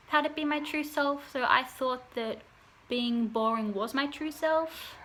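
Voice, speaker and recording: Young woman, vlogging at home, unhurried, lightly raised pitch, self-mocking asides, faint background hiss. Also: pushed and bright. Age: young adult. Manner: meandering, self-deprecating, wry. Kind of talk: casual confessional chat to camera.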